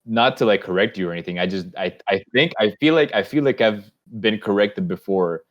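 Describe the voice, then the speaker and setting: A man's voice: on the low side, expressive, fairly quick, highs cut off. A young man co-hosting a podcast, talking casually with rambling restarts and easy swearing. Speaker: podcast co-host.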